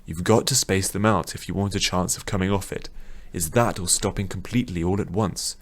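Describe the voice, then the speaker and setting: A calm, patient old man who reasons steadily with others, as a man reads him. The voice is very low and even. Storybook audiobook delivery. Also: a little fast.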